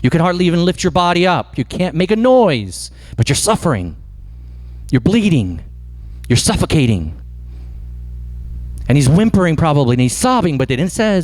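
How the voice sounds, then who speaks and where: A man preaching a sermon as pastor, impassioned and dropping low for emphasis. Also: very animated, normal speed.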